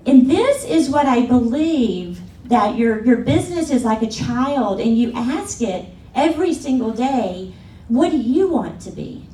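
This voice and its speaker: Animated middle-aged woman speaking in an echoey hall. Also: a little high, unhurried, recorded from a distance. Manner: animated storyteller, acts out quoted voices with laughter. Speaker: keynote speaker. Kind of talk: conference keynote talk. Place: large conference hall. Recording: echoey hall from afar, faint room noise.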